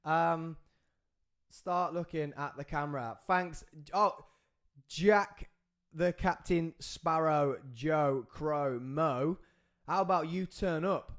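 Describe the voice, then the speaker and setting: A man's voice: on the high side, slow pace. A man hosting a live podcast. He rambles and jokes, and he keeps breaking off to talk to the crew. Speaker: podcast host.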